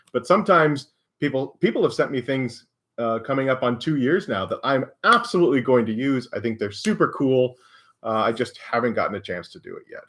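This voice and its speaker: An American man at a mid-range pitch, hosting a casual live stream Q&A. He talks in a loose, chatty way and laughs often at his own stories. His humor is self-deprecating. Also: a bit bright. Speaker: maker and live stream host.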